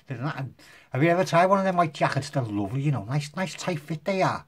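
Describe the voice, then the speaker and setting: A man's voice: mid-range voice, very animated, fast, husky. Jokey man doing magic tricks. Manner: jokey, self-mocking, rambling. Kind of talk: casual magic demonstration to camera.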